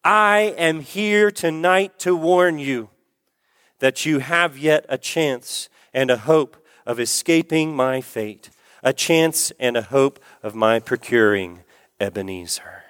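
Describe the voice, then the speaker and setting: Brief: solemn, remorseful male ghost in chains, declaiming ornate old speech, smooth dry voice, as a preacher reads it. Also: fairly high pitch, slow pace, fairly bright tone, no echo.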